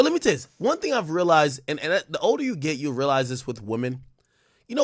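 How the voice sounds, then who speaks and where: Husky, lively male streamer. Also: mid-range voice, dry recording, clean studio sound. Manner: loose and profane, with loud excited bursts. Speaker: live-stream host. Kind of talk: casual live-stream chat reading donations.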